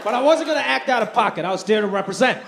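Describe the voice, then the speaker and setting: Stand-up comic, male, 30s, high voice, animated and self-deprecating, live crowd. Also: rapid-fire, gravelly, noisy background. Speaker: stand-up comedian. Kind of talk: stand-up comedy routine. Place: comedy stage before a live audience. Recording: live club with audience laughter.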